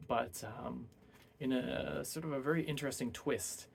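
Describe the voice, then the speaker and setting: Man, book reviewer, casual plot recap, hesitant fillers, gravelly voice, faint background noise. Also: mid-range voice, moderate pace. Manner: rambling, hesitant, many fillers.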